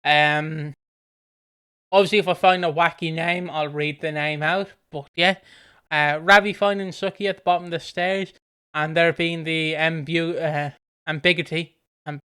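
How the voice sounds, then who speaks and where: A man co-hosting a podcast in loose, casual chat that keeps drifting into tangents. His voice is bright and crisp, set a little high. He laughs easily as he talks. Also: steady tone, normal speed. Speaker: podcast co-host.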